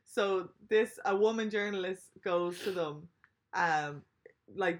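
A young woman, a podcast co-host telling a story in casual, animated chat and swearing freely. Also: fairly low pitch, measured pace.

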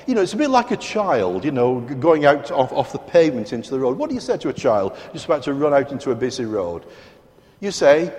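Delivering an emphatic sermon full of rhetorical questions for the congregation, a British-accented man speaks with a fairly high, sing-song, darkish voice at a moderate pace. Long reverb fills the large church hall.

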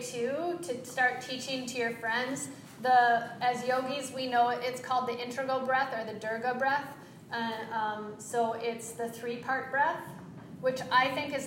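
A woman teaching yoga breathing, giving gentle, encouraging cues with quick asides. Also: a little high, roomy sound, slight background noise, rough recording. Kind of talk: guided breathing instruction.

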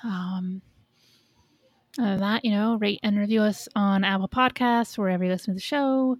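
A woman's voice: mid-range voice, steady tone, moderate pace, no room sound. A woman co-hosting a podcast in casual chat, amused and laughing easily. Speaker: podcast co-host.

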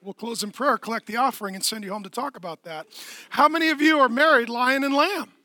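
A middle-aged man preaching a lively, playful sermon in a church, swinging from hushed tones to shouting. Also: extremely high pitch, fast, dry recording, clean studio sound. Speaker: pastor. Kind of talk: energetic comedic sermon.

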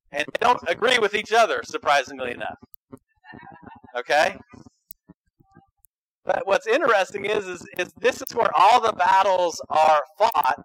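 High, bright-voiced pastor preaching. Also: male voice, a little hiss or hum, rough recording. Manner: conversational and emphatic, keeps checking in with "okay?". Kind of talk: sermon.

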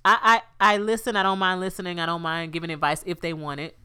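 This woman co-hosts a casual podcast, speaking fast in a fairly low, smooth voice. She tells stories animatedly and acts out the quotes in them.

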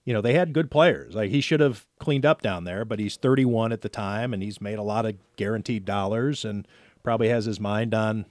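A man's voice: on the low side, fairly quick, darkish tone, no echo. A man hosting a casual sports talk show, running through player stats in a conversational way. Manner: stat-heavy, conversational.

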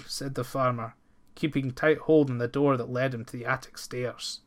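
A man reading a folk tale aloud in a measured, expressive storybook narration. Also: mid-range voice.

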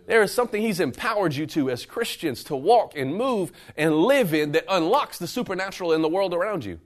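A man preaching a sermon in a church, his voice sitting a little higher than most men's. He talks straight to the congregation, casual and direct, then drives points home in loud, emphatic bursts before dropping to low, close passages. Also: brisk. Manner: animated preaching that moves between loud bursts and low, intimate stretches; conversational, addresses the room directly. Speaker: pastor. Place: church service room with a live audience.

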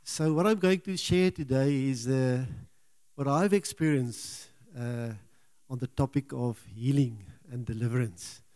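Halting preacher, man with mellow voice. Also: mid-range voice. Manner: halting, repeats words, earnest. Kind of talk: sermon.

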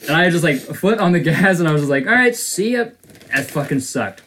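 A man's voice: on the high side, fast, a loud crowd. A young man from Canada, co-hosting a podcast, telling a rambling story in casual chat with plenty of swearing. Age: young adult. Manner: rambling storyteller, swears a lot, acts out quotes. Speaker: podcast co-host.

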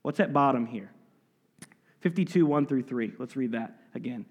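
A man preaching an expository sermon, reading scripture aloud and then driving his points home with emphatic asides and sudden quiet drops. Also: medium pitch, normal speed, husky. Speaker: pastor. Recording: long reverb of a large hall.

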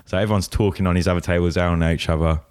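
A man's voice: low-pitched, fairly even intonation, very fast, darkish tone, no echo. A young man telling a story in casual chat, laid-back, swearing freely and saying "like" a lot.

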